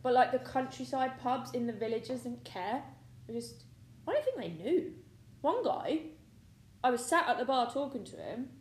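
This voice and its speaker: A woman's voice: sits high, expressive, normal speed. A young British woman in casual chat, chatty and easily amused. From Britain. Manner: chatty, easily amused, reacts with short remarks. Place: living room. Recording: echoey room with faint background noise.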